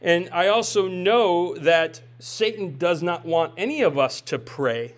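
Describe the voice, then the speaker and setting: A man in his forties delivers a sermon with a notably high voice. He keeps it conversational, tossing rhetorical questions at the congregation and tagging lines with "right?". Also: animated, unhurried. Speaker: pastor.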